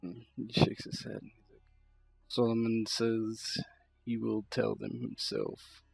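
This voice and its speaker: A man's voice: lowish voice, sing-song, slow pace, gravelly, husky, no echo, faint music behind. A man narrating a tabletop role-playing game as game master, rambling loosely with many fillers.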